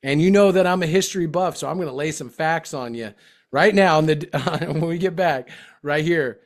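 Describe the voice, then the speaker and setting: A man's voice: fairly high pitch, moderate pace. A man co-hosting a wrestling radio show in casual comedic banter, joking and sarcastic. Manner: joking, sarcastic, mocking voices.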